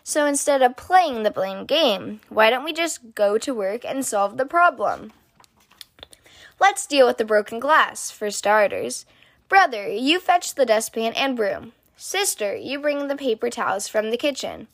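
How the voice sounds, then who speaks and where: Woman doing a calm, practical father bear. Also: on the high side, a little slow.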